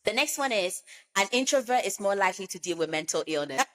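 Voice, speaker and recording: A woman's voice: medium pitch, animated, fast. A woman in casual podcast chat, who repeats words for emphasis. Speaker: podcast co-host.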